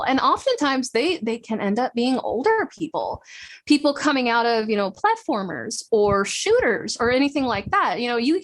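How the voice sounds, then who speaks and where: A woman guest chatting casually on a podcast, laughing often and telling stories quickly. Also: sits high. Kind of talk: casual chat.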